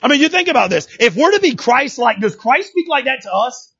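High-voiced folksy male preacher. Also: big pitch swings, a little fast, vocal fry, slightly rough, dull audio. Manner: folksy, emphatic preaching that swells to shouts. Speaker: pastor. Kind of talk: sermon.

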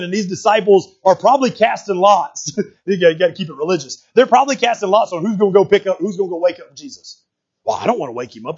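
A man's voice: sits high, slightly rough, lo-fi sound. A man preaching a sermon in a conversational way, full of rhetorical questions and repeated words.

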